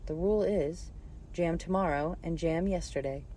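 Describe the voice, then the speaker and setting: A woman's voice: on the low side, moderate pace, mellow, slight background noise, natural voice. A woman voicing a flustered, scatterbrained old queen who frets and shrieks when upset, reading a storybook. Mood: fretful. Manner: fretful, shrieking at times.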